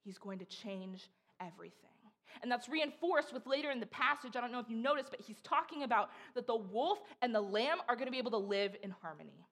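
A woman's voice: fairly high pitch, lively intonation, a little fast, fairly bright tone. A young woman giving a casual, chatty sermon, acting out voices as she tells stories. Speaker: preacher.

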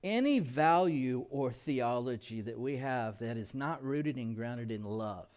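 A pastor preaching a sermon, asking rhetorical questions and swinging between emphatic and hushed delivery. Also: male voice, mid-range voice, lively intonation, unhurried.

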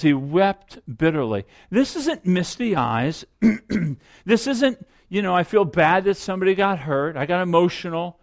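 A man's voice: a little high, a little mellow. A middle-aged male pastor preaching a sermon, earnest and reflective, often repeating a phrase for emphasis.

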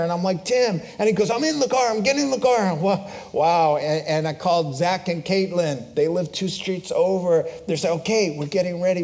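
A middle-aged pastor delivers a sermon with a fairly high-pitched voice. He tells a story with lively animation, acting out voices, then settles into solemn preaching.

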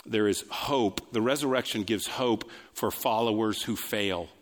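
A male pastor delivering a sermon, building lines through repetition and swinging between raised and hushed delivery. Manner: preaching with sweeping pitch swings, quick asides and repetition. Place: church sanctuary. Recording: long reverb of a large hall.

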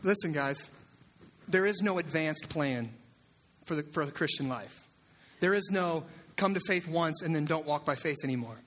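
A man preaching a sermon as pastor, animated, swinging between loud shouts and hushed near-whispers. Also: a little high, normal speed.

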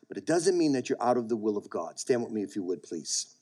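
A male pastor preaching a sermon to a congregation. He swings between raised, emphatic lines and quiet low asides, often calls out to the room for a response, and chuckles between points. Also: animated, moderate pace.

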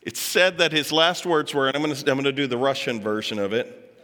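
A man with a bright, forceful voice talks to a live audience, cracking jokes and asking them questions. His words ring out with a long reverb from a large hall around him. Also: medium pitch, lively intonation, fairly quick. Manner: chatty, joking asides, puts on voices for quotes. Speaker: speaker addressing an audience. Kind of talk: lively talk to a live audience.

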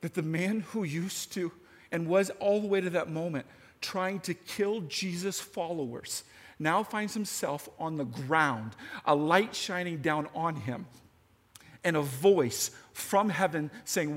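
A man preaching a sermon in a lively, conversational way, talking straight to his audience. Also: fairly high pitch, slow. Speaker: pastor. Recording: long hall reverb.

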